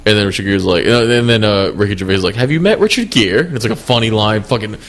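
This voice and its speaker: A man's voice: fairly low pitch, fast talker, fairly bright tone. A young man co-hosting a podcast, rambling and swearing in casual chat. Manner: rambling, profane, many restarts. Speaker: podcast co-host.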